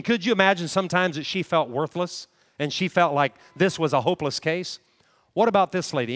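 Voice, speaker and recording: A man with a high, light voice delivers a sermon through a handheld mic, earnestly putting questions to his congregation. His voice carries a long reverb tail from a large church hall. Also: fairly bright tone. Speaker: preacher. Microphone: handheld microphone.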